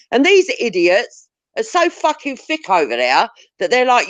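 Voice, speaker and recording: A woman's voice: high-pitched, big pitch swings, normal speed, no room sound. A woman ranting bluntly and confrontationally, swearing heavily as a live-stream talk host. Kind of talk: heated profane rant. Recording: dull lo-fi audio.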